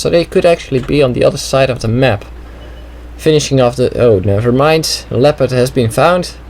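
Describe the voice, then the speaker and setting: A man's voice: mid-range voice, a little mellow, a little hiss or hum, low-quality recording. Casual man commenting on a game replay. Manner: casual, chatty, thinking aloud with many "well"s. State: slight throat trouble. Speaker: gameplay commentator.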